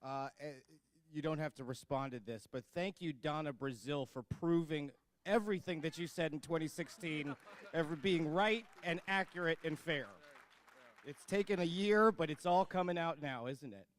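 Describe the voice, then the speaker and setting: A man's voice: fairly high pitch, moderate pace. A man moderating a conference panel in a wry way, opening it up to questions from the floor.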